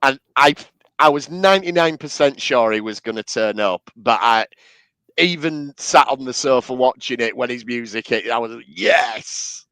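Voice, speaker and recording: A man with a smooth, resonant voice talks through wrestling with obvious enthusiasm and a fan's knowledge. His voice is recorded close and dry, with no room sound around it. He keeps the tone of a relaxed casual chat. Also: mid-range voice, moderate pace, no room sound. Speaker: wrestling fan co-host.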